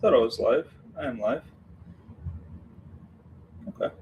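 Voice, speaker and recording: A man's voice: medium pitch, takes it slowly, gravelly, muffled recording, slight background noise. A man hosting a live stream, chatting casually and rambling while he builds, greeting viewers by name and laughing at himself.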